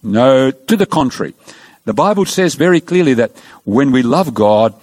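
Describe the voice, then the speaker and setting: A man preaching a sermon, telling stories and acting out dialogue, slowing down for emphasis. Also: medium pitch, no room sound. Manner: storytelling, animated, acts out dialogue; slows down for emphasis.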